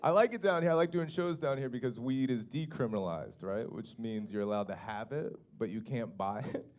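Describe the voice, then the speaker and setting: A man's voice: mid-range voice, brisk, a little mellow. A man from Baltimore doing a stand-up set on a comedy club stage, chatty and laughing between lines as he talks to the crowd. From Baltimore, United States.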